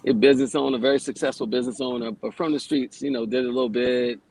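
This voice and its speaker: He talks fast in a mid-range, slightly mellow voice with fairly even intonation, and the recording quality is low. A yoga teacher in his forties, he's a radio guest telling stories in a plainspoken, conversational manner, swearing casually as he goes.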